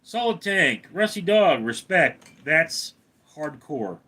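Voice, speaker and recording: A man chats with his live-stream viewers, reading their names and comments one by one. His voice sits a little high and he takes his time, answering in short, easygoing replies. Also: very animated, slow pace, pushed and bright. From Los Angeles, California. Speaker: livestream host reading chat. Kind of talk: casual live-stream chat.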